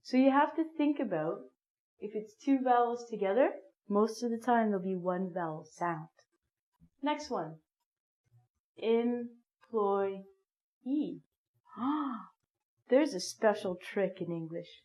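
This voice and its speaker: A woman teaching an English phonics lesson, speaking slowly and clearly with playful dramatic gasps. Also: mid-range voice, dark tone. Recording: dull lo-fi sound.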